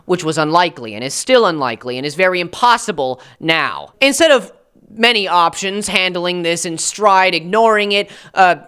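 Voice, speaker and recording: A man's voice: high voice, animated, moderate pace, sharp tone, smooth. A young American man with an American accent ranting in a sarcastic, rambling commentary style with jokey asides. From United States. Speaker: commentary YouTuber. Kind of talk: commentary rant.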